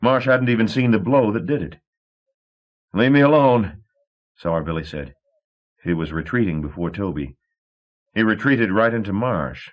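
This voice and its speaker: A man reading an audiobook in a dramatic, steady storytelling manner. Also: sits low. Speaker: audiobook narrator. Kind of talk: scripted audiobook narration. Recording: dull 1980s cassette tape.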